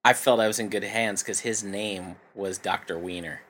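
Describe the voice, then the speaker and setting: A man's voice: lowish voice, fairly even intonation, normal speed, a bit bright. A man co-hosting a comedy podcast, telling odd news stories in a dry, casual way. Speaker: podcast co-host.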